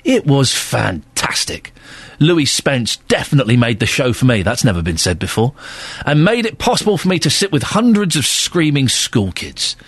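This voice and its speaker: A man's voice: medium pitch, normal speed, breathy edge, dry recording. A man hosting a radio phone-in from the studio, chatting jokily and reading listener emails aloud. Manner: jokey, animated, reads listener emails aloud. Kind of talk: casual radio chat. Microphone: studio microphone.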